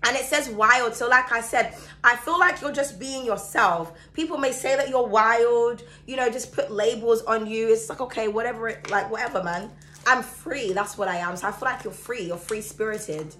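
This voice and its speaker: A woman giving a chatty, excitable tarot reading to her viewers, her throat sore and coughing now and then. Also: a little high, normal speed, slight background noise. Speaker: tarot reader. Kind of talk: casual astrology reading to camera.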